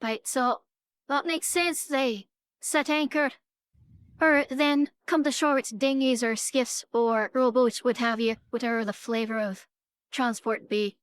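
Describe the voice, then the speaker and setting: High, smooth-voiced woman player. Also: steady tone, a little slow, no room sound, clean studio sound. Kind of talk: tabletop game play.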